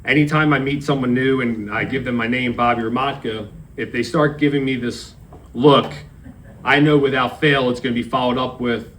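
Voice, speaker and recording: A man's voice: mid-range voice, fairly even intonation, normal speed, fairly bright tone, low-quality recording. Man in his thirties telling a memorial story. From Maryland, USA. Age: 30s. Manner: storytelling, acts out quoted dialogue. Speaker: grandson giving a eulogy. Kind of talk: memorial speech. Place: memorial service.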